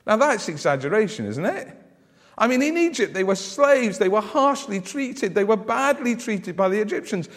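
Guy preaching, chatty, asks the room questions, voice a bit high, long echo off the hall. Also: big pitch swings, normal speed. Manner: conversational, asks rhetorical questions. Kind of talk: sermon.

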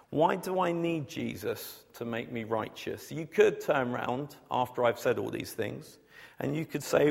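A man's voice: mid-range voice, creaky. A man preaching a sermon, mixing scripture with humorous storytelling. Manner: storytelling with humor, animated when acting out scenes. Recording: long hall reverb.

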